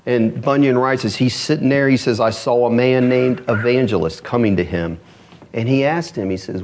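Male preacher, sermon voice, storyteller who drops low and soft then rises high for emphasis. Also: moderate pace.

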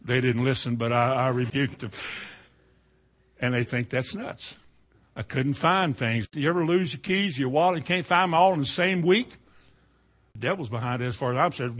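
A middle-aged man preaching a sermon in a folksy storytelling way, dropping to a hush and then rising to loud cries. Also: medium pitch, normal speed.

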